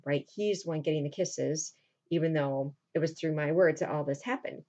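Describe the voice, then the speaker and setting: A woman's voice: sits low, moderate pace, mellow. A woman teacher retelling a play for her class in a chatty, casual way, often checking in with her listeners, in a dull lo-fi recording. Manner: chatty, with frequent fillers and check-ins.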